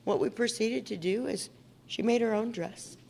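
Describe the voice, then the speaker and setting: On the high side and a little mellow, this woman's voice has vocal fry and comes at normal speed, with a little hiss or hum. She's from Indiana, giving a personal recovery talk to an audience in a meeting hall, earnest and conversational, with questions for the audience.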